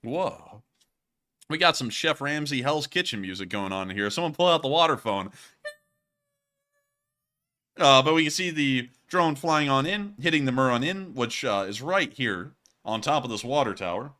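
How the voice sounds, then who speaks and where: A man's voice: medium pitch, animated, moderate pace, sharp tone. A man casually commenting over war footage as host, joking and rambling and laughing at his own slips. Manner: jokey, rambling, laughs at himself.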